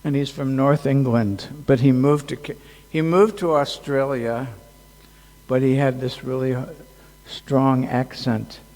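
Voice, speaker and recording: A man giving a casual devotional talk at a festival, halting and joking, with many fillers. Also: medium pitch, fairly even intonation, darkish tone. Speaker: speaker at a temple festival. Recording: long hall reverb.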